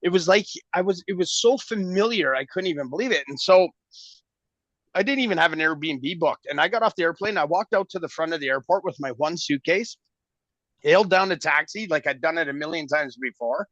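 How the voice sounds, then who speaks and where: A man's voice: on the high side, a little fast, fairly bright tone, no room sound. A middle-aged man from Canada, a guest telling a long story in a casual interview and acting out the dialogue. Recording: dull lo-fi audio.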